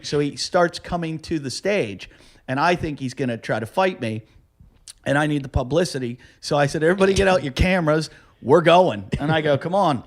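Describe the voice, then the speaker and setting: A man, a comedian guest on a podcast, telling a rambling story in casual chat and laughing as he goes. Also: fairly high pitch.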